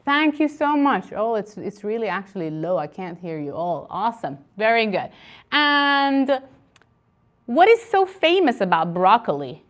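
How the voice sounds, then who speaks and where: A woman teaching an online English conversation class, encouraging and repeating words slowly for learners over a video call. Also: fairly high pitch, very animated.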